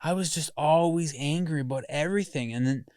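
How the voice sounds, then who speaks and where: A man's voice: a little high, a little fast, darkish tone, clear, resonant tone, no room sound, studio quality. A man in his thirties talking candidly in a casual podcast conversation, rambling and swearing often.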